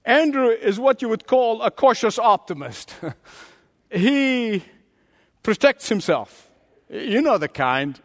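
A male pastor preaches with a high-pitched voice, swinging from booming lines to hushed ones. His words carry with a long reverb, as in a large hall. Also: sing-song, takes it slowly, long pauses. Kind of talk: sermon.

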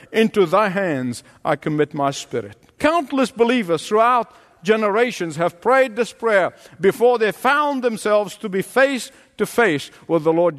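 High-voiced slow preaching man in a hall. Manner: emphatic, deliberate preaching with repeated phrases. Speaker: pastor. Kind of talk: sermon.

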